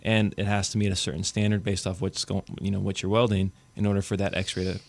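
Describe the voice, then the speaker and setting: A man in his thirties, a realtor co-hosting a casual podcast, talking in an animated, chatty way. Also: low-pitched, fast, creaky. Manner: animated, talkative storyteller.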